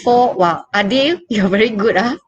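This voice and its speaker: A woman's voice: fairly high pitch, lively intonation, takes it slowly, slightly rough, lo-fi sound. A woman with a Malaysian English accent teaching an online English class, chatty and coaxing, and calling herself teacher.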